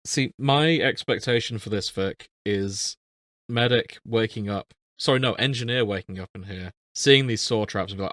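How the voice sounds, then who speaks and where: A man's voice: lowish voice, normal speed, a bit bright, dry recording, clean studio sound. A man co-hosting a casual podcast chat, joking and laughing at himself. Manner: laughing, self-deprecating banter. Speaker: podcast co-host.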